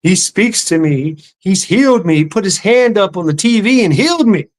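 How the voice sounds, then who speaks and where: A man voicing a gullible older woman who believes in a TV healer, with a breathless, adoring, high voice. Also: expressive, normal speed. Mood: awestruck.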